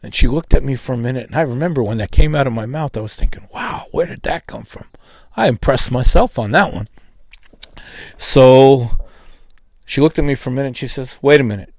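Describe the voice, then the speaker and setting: A man's voice: a little fast, darkish tone, dry recording. A man casually recounting a personal testimony in a conversational, storytelling way. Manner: conversational, acts out quoted dialogue with pitch jumps. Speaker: testimony speaker.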